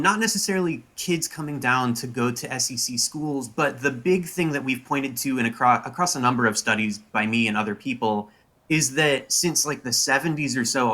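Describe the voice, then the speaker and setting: Young male academic guest, laid-back explaining, bright forward tone. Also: mid-range voice. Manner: casual, many "like" fillers, explanatory. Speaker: linguistics professor. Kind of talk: interview answers.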